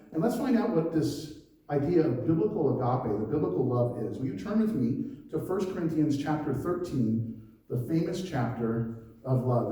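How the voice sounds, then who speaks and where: A man's voice: fairly high pitch, mellow. A man preaching a conversational sermon as pastor, mixing scripture reading with laughs and personal asides. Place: church hall. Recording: very echoey church hall, mic at a distance.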